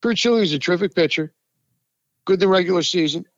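A man from the New York area co-hosts a sports talk show, ranting hard and swearing freely. His voice sits high for a man. The recording is dry and a little muffled. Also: quick pace, dry recording. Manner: ranting, profane, emphatic, heated. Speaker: sports talk podcast co-host. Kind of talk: heated sports talk chat.

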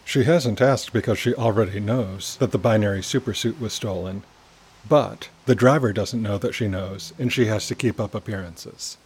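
A man narrating a children's adventure story in a calm, measured reading. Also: lowish voice, slightly rough.

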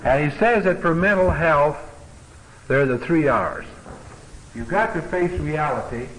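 A man's voice: on the high side, a little slow, fairly bright tone, a little hiss or hum, rough recording. A middle-aged man teaching a Bible passage in a folksy, conversational way, with joking asides and filler words.

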